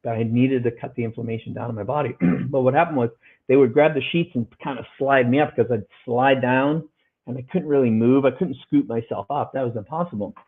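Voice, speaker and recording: A middle-aged man appearing as a podcast guest speaks briskly in a medium-pitched, husky voice. He earnestly retells a hard story, acting out what people said in raised voices. The audio sounds like it's coming over a phone line.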